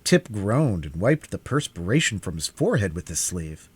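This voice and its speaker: A man's voice: low-pitched, sing-song, moderate pace, husky. A man reading a classic children's book aloud in a live stream, narrating expressively. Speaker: reader.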